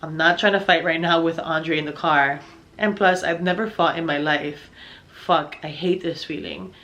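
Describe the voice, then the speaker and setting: A woman's voice: sits low, fairly even intonation, normal speed, a bit bright, muffled recording. A young woman narrating a personal story in a casual storytime style, swearing a lot and sounding exasperated as she acts out what people said. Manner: profane, exasperated, acts out dialogue.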